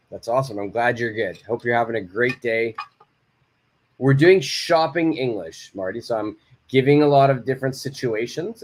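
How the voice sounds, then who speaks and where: A man teaching an English lesson live from home, reading out viewers' answers and praising them. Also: medium pitch. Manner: encouraging, reads out viewers' answers and models phrases.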